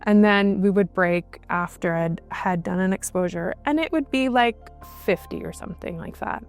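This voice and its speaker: A woman guest recounting a personal experience in conversation, halting, with frequent restarts and fillers. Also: mid-range voice, faint music behind. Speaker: interview guest.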